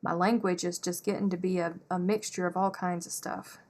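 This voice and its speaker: A woman's voice: lowish voice, little pitch movement, a little fast, a little mellow. A woman, chatting casually on a crochet live stream and laughing often. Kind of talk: casual chat while crocheting.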